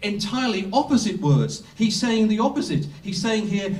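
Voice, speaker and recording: Male preacher, emphatic sermon delivery with long pauses, slightly raised pitch, roomy distant sound. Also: animated, a little mellow. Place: Bible school hall. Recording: echoey room, speaker off-mic.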